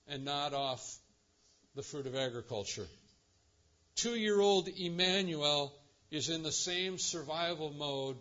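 Man, pastor, sermon, impassioned rising delivery, bright voice, dull lo-fi recording. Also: on the high side. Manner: builds to impassioned, rising preaching.

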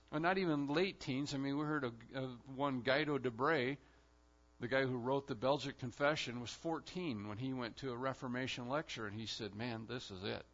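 A man preaching a sermon as pastor, in an emphatic style with sudden loud swells. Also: on the high side, dull audio.

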